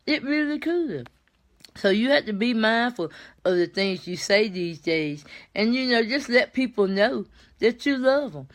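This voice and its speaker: An older woman, chatting warmly on a live stream and greeting viewers by name. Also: a little high, animated, a little slow. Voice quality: warm, folksy. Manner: chats with viewers by name, repeats herself, laughs easily. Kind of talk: casual live chat with viewers.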